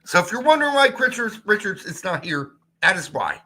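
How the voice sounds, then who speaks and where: A man's voice: high voice, big pitch swings, brisk, sharp tone, a little hiss or hum. A man co-hosting a casual soccer podcast, talking in a dry, sarcastic and profane way. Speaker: podcast co-host.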